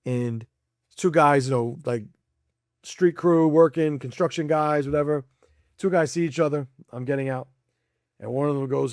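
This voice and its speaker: Blunt, profane man, fairly high voice. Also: moderate pace, no echo, clean studio sound. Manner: blunt, profane, animated, acts out quoted people; laughs between points. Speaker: podcast guest. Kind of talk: casual chat.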